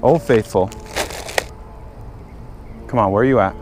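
A man's voice: fairly low pitch, measured pace, darkish tone, a little hiss or hum. A man talking casually to viewers while working on his car and fishing at a lake, chatty and easily frustrated. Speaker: fishing vlogger. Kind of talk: casual vlog narration. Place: outdoors by a lake.

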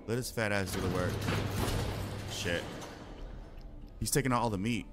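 A man playing a horror game on his channel, trash-talking and reacting loudly in slangy casual commentary over game sound. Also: fairly low pitch, measured pace, long pauses, very noisy. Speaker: gaming channel host. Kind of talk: casual let's-play commentary.

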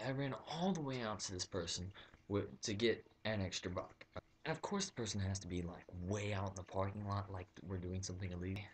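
Brief: low-voiced young guy, rambling comic anecdote, plenty of ums and restarts. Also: slight background noise. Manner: rambling, full of fillers and restarts. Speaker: vlogger. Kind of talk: comic storytelling.

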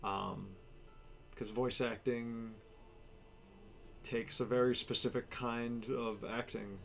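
A man's voice: mid-range voice, fairly even intonation, slow pace, vocal fry, faint music behind. Rambling man chatting while he sketches. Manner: rambling, filler-heavy, laid-back. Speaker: artist sketching on stream. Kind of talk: casual chat while drawing.

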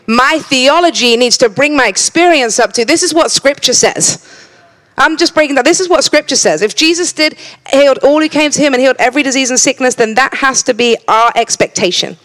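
A woman's voice: high-pitched, brisk, a bit bright. A woman preaching a sermon in a church, earnest, often repeating words as she starts a thought and teasing the congregation now and then.

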